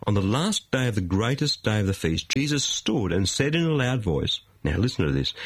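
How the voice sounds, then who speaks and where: A man delivers a studio sermon with an animated, swooping voice and a slightly husky edge. He leans on emphasis and dramatic pauses, firing off rhetorical questions. The sound is close and dry. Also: medium pitch, dry recording. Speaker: preacher.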